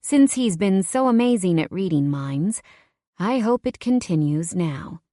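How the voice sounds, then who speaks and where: A woman narrating a first-person romance audiobook in a wry, conversational, expressive way. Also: medium pitch, measured pace, no echo, studio quality.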